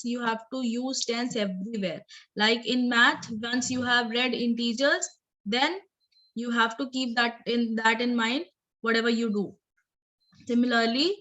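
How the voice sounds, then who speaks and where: A woman's voice: fairly high pitch, a bit bright, rough recording. A woman teacher explaining English grammar in a recorded lesson, repeating and rephrasing points and checking in with "okay" and "right".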